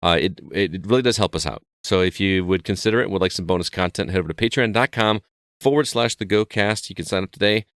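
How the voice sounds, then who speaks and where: Low smooth guy hosting a chill podcast, dry close sound. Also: quick pace, no room sound. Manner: relaxed and chatty, reads show plugs. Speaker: podcast host. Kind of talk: casual podcast chat.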